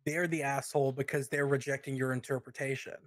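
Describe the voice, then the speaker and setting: A young man co-hosting a podcast, telling a story in casual, crude talk with halting restarts. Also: mid-range voice, little pitch movement, no echo. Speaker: podcast co-host.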